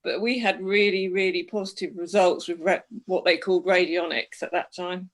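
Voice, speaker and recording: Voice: medium pitch, fairly even intonation, moderate pace. A person in a casual group chat, thoughtfully recounting personal experiences with hesitations. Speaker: group participant.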